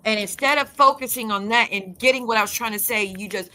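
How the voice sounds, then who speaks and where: A woman's voice: fairly high pitch, a little fast, sharp tone, low-quality recording. A woman YouTuber ranting in a casual vlog, heated and blunt, swearing freely and repeating her denials with emphasis. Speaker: YouTuber and live streamer.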